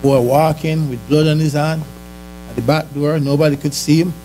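A man's voice: fairly high pitch, flat delivery, normal speed, mellow, slight background noise. A man giving a conversational church sermon, asking the congregation questions and chuckling. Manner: conversational, chuckling, asks the audience. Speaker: church speaker. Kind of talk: sermon testimony.

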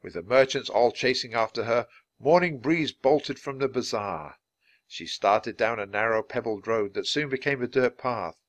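A man reading a children's chapter book aloud in a clear, measured, lively way. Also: mid-range voice. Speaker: storybook reader.

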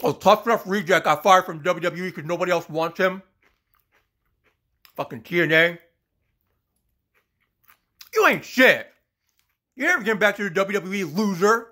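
A man's voice: high voice, expressive, normal speed, pauses often, bright, forceful tone. A man delivering an angry, profane, sarcastic rant as a wrestling fan vlogger, coughing now and then. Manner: sarcastic, mocking, swears a lot; coughs between phrases.

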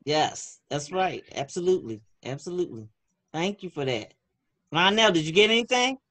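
With a fairly low, somewhat bright voice, a woman speaks in a sing-song way at a moderate pace. She hosts a casual kids' class on a video call, reading the chat out loud and encouraging the children in a chatty manner.

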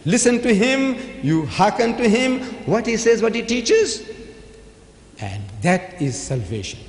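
A man giving a public debate speech in a lively, preacher-like way. He sometimes acts out the voices of the people he quotes. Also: very high-pitched, unhurried. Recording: echoey hall with long reverb.

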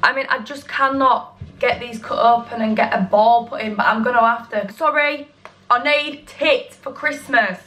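A woman's voice: on the high side, moderate pace, pushed and bright. A young woman vlogging casually to camera, chatty, blunt and sweary, laughing easily. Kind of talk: casual vlog chat to camera.

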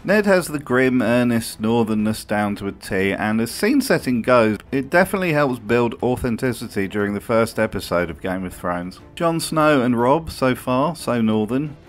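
A man's voice: medium pitch, very animated, moderate pace, few pauses, soft background music. A man delivering comedic scripted commentary in a dry, sardonic way. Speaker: video host.

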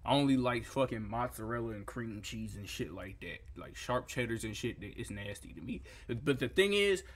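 A young man with a medium-pitched, expressive voice reacts to food photos in a comedic rant, talking at normal speed. He sounds incredulous and swears freely, now and then erupting into loud outbursts.

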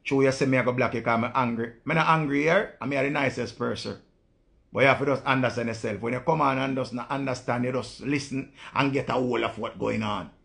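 A man's voice: medium pitch, steady tone, fast talker, vocal fry, fairly bright tone. A man with a Jamaican accent, hosting a live stream and talking casually to viewers in blunt, profane patois.

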